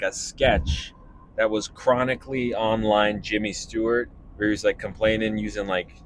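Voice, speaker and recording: A young man, a stand-up comedian, talking casually and animatedly while driving, breaking into laughs and quick voices. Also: lowish voice, slight background noise. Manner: animated, laughing, jumping into impressions. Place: car.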